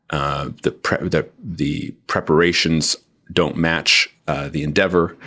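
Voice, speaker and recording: Man, very low voice, author being interviewed, measured pace, lots of ums. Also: a bit bright. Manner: slow, deliberate, with frequent fillers. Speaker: author guest. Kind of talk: interview discussion.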